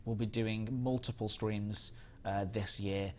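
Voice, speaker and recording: A man's voice: on the low side, little pitch movement, unhurried, noisy background. Chatty Northern English man streaming. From England. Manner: rambling, chatty, reads chat aloud. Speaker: live stream host. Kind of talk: casual gaming stream chat.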